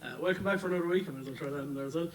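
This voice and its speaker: A man's voice: on the high side, very fast, heavy background noise. An Irish man hosting a podcast in casual, joking chat, recorded in a cold gym. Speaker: podcast host. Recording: roomy gym audio, mic at a distance.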